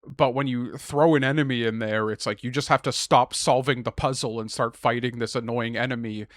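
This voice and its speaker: A young man co-hosting a podcast in casual chat, ranting with lots of swearing and bursting into loud, exasperated shouts. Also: medium pitch, fairly even intonation, a little fast, no echo, clean studio sound. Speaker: podcast co-host.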